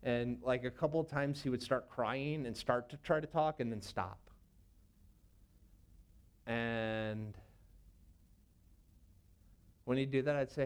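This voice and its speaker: A man in his thirties tells a story from his years as a youth pastor. His voice is smooth and resonant, at an ordinary middle pitch. He talks casually and rambles, with lots of fillers. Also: slow pace, long pauses. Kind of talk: personal storytelling.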